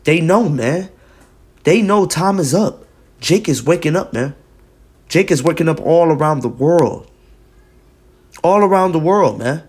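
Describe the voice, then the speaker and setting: A man's voice: fairly high pitch, lively intonation, unhurried, pauses often, slightly rough. A man giving an emphatic, repetitive preaching commentary on video, reading scripture and news aloud and often adding "man".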